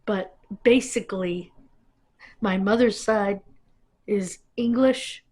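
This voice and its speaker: A woman's voice: mid-range voice, takes it slowly, a little mellow. A woman vlogger talking to camera in a casual, rambling monologue that wanders between tangents.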